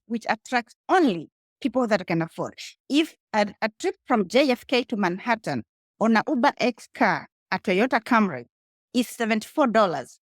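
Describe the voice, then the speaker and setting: Woman, Kenyan accent, emphatic guest, very expressive pitch, dry close sound. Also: no echo. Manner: animated and emphatic, addressing the listener directly. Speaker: guest, rideshare entrepreneur. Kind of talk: casual interview conversation.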